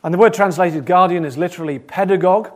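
Brief: earnest preacher with a slightly high voice, moving between loud and soft. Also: male voice, fast. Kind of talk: sermon.

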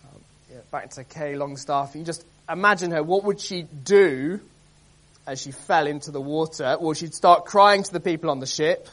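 A man preaching an expository sermon, earnest and emphatic, reading scripture aloud with dramatic stress and often pausing with um and uh. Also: fairly high pitch, a bit bright. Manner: earnest, emphatic, many ums and uhs.

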